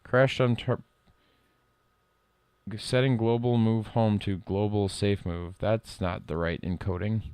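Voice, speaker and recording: A middle-aged man streaming live code work, reading lines aloud and thinking out loud in a casual way. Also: fairly low pitch, steady tone, takes it slowly, clear, resonant tone, no echo. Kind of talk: casual live-coding commentary.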